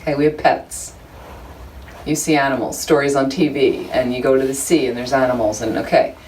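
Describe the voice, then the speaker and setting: The woman's voice is extremely low, steady in tone, fairly quick, and a little mellow. She gives an informal dharma teaching to a small Buddhist study group in a room, conversational and funny, with many asides to her listeners. The recording is distant, with faint background noise.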